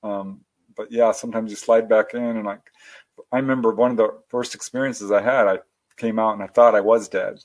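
A man telling personal stories as a guest in a casual interview, animated and laughing often. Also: lowish voice, brisk.

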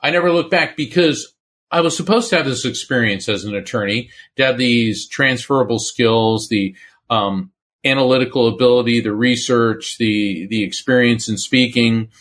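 A middle-aged man who is a medium and a former attorney tells stories as a guest in a conversational interview. His mid-range voice moves at a normal speed, and he animatedly acts out the voices of the people he quotes.

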